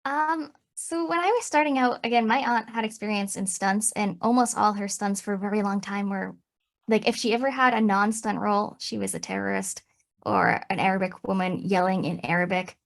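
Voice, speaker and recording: A woman voice actor on a panel, telling an anecdote in an animated way and laughing along. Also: mid-range voice, fairly quick, vocal fry. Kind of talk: panel discussion, storytelling.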